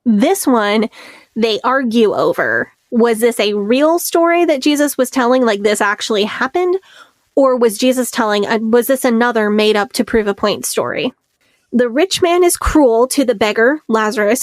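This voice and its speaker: Chatty higher-pitched woman podcaster. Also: dry recording. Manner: chatty, laughs often, retells scenes with quotes. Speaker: podcast co-host. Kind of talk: casual podcast chat.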